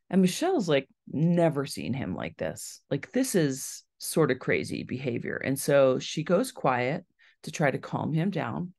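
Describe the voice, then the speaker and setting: Woman author at a library talk, gravelly voice, tells the story and acts out the quotes. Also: sits low, sing-song, normal speed, darkish tone. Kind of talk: storytelling lecture.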